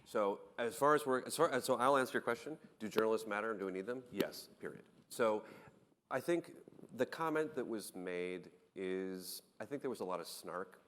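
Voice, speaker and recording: A man on a conference panel, telling anecdotes in an animated way with many restarts. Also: lowish voice, normal speed, in a large hall. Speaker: panel guest, startup founder.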